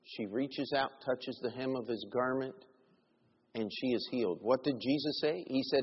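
Husky preacher in an echoing church. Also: male voice, mid-range voice, moderate pace. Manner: storytelling, shifting between quiet asides and raised emphasis. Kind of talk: sermon. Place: church sanctuary. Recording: dull recording in a reverberant church.

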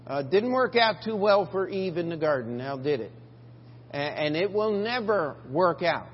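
An older man preaching a sermon as pastor, halting, with frequent fillers and restarts. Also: fairly high pitch, expressive. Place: church sanctuary. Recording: dull lo-fi church recording with long reverb and faint hum.

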